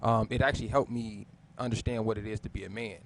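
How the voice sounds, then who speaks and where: A man's voice: on the low side, fairly even intonation, fast talker. A man telling a personal story in a casual talk show chat, earnest and reflective. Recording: noisy room with clicks.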